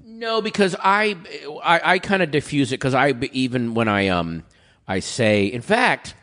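A man in a casual chat, rambling through stories with quick asides, his throat dry so he keeps clearing it. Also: medium pitch, sing-song, a bit bright. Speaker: podcast guest.

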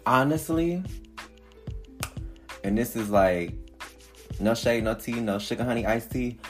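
A man's voice: medium pitch, unhurried, faint music behind. A man hosting a podcast, chatting casually with slangy banter and frequent laughter. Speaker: podcast host.

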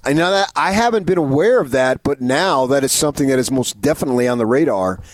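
A man's voice: medium pitch, lively intonation, quick pace, no echo. A man co-hosting a sports radio show, bantering in a mock-indignant, theatrical way. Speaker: radio co-host. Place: radio studio.

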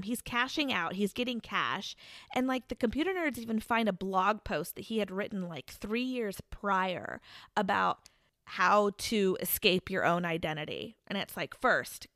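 A woman's voice: fairly high pitch, fairly bright tone, no room sound, clean studio sound. A woman casually retelling a true crime case to a friend, building to dramatic reveals with restarts and fillers. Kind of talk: casual storytelling chat.

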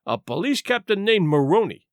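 A man's voice: sits high, big pitch swings, normal speed, dry recording, clean studio sound. Male reader as haughty derelict, lofty and sneering, storybook reading. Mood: sly. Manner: prim, lofty, scornful.

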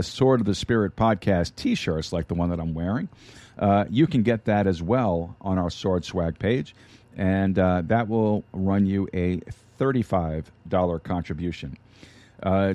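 A man's voice: low-pitched, mellow, no room sound. A man hosting a podcast, giving casual announcements in a rambling way full of fillers and restarts. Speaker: podcast host.

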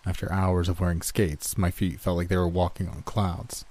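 A man with a very low, dark voice narrates a scary story, steady and measured. The sound is dry and close, with no room around it. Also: dry recording. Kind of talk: scripted horror story narration.

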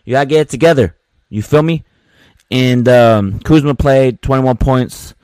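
A man's voice: mid-range voice, measured pace, darkish tone, smooth, dry recording. A man hosting his own sports podcast, venting casually in slang with many repeated words. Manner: slangy, repetitive, frustrated venting.

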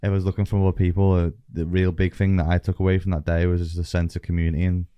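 Deep, flat-voiced man hosting. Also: quick pace, clean tone, no echo, lo-fi sound. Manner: earnest, reflective, swears casually. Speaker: podcast host. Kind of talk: casual podcast chat.

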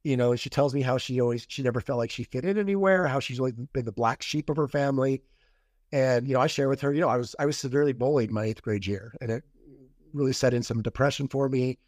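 A man's voice: mid-range voice, quick pace, darkish tone, no echo, clean studio sound. A man telling the story of a past relationship in a casual interview, rambling, restarting and quoting what was said. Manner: rambling retelling with quoted dialogue and restarts. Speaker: podcast guest.

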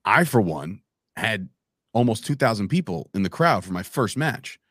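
A man telling stories as a podcast guest in a casual, animated way, acting out quoted lines and calling the listener "bro" and "man". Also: lowish voice, normal speed, breathy edge, no room sound, clean studio sound. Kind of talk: casual storytelling chat.

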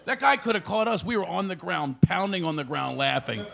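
A man's voice: high-pitched, a little fast, creaky. A middle-aged male comedian from the Philadelphia area telling stories on a radio show, acting out voices and laughing often. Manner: animated storyteller, acts out voices, laughs often. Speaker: comedian guest.

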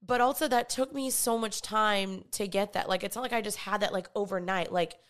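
A young woman chats earnestly to her viewers, her words sprinkled with "like" and "honestly". Her voice is smooth and clear and sits at an ordinary middle pitch for a woman. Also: fairly even intonation, brisk, a bit bright. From Texas. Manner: chatty, earnest, full of "like" fillers. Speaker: vlogger. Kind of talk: casual chat to the camera.

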